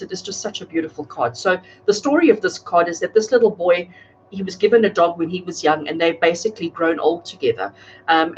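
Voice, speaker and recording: Fairly low-pitched, a woman reads tarot live from home in front of a camera, casually chatting and greeting viewers by name. The audio lacks high frequencies and carries a faint hiss or hum.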